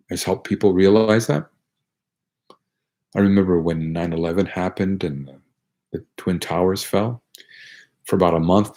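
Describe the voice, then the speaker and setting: A man's voice: low voice, darkish tone. A man, a priest, giving an earnest, conversational sermon with frequent restarts.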